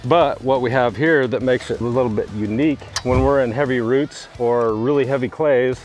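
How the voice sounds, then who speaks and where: A man presenting a product demonstration outdoors, walking through how a tool works in a steady, explanatory way. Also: mid-range voice, normal speed, noisy background. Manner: steady, explanatory, hands-on walkthrough. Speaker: fence company presenter.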